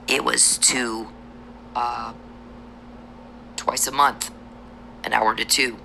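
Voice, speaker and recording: Gravelly, sharp-voiced woman ranting angrily. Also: a bass voice, level tone, takes it slowly, pauses often, a little hiss or hum, low-quality recording. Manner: profane, accusatory ranting that drops to a hushed whisper. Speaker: vlogger. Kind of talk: angry monologue to camera.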